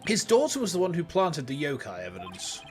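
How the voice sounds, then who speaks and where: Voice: mid-range voice, wildly swooping pitch, fairly quick. A streamer voicing an earnest young defense attorney in a video game, asking pointed questions.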